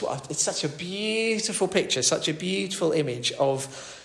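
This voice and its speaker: Here the same kind of preacher, slightly high-voiced for a man, talks through his sermon at a normal speed with few pauses and lively intonation, now and then using a filler or restarting. His tone is a bit bright, and the church lends a roomy echo.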